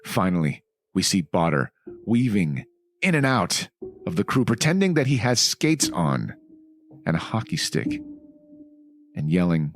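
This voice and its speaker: A man's voice: low voice, very animated, a little slow, long pauses. A man co-hosting a comic book podcast, reading a listener's email aloud with playful, swearing asides. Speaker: podcast co-host.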